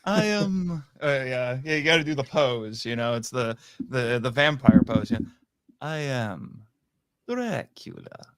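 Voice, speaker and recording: A man's voice: mid-range voice, moderate pace, hardly any pauses, fairly bright tone, clean tone, no room sound, clean studio sound. A man joining a podcast as a guest over a video call, bantering and laughing easily. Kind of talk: casual podcast chat.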